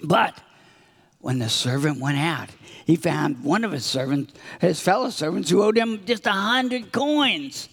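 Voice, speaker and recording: A man's voice: fairly high pitch, animated, a little slow, vocal fry, a bit bright, slightly rough. A man giving a children's sermon in a church, telling a story with acted-out voices. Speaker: children's minister. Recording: reverberant hall.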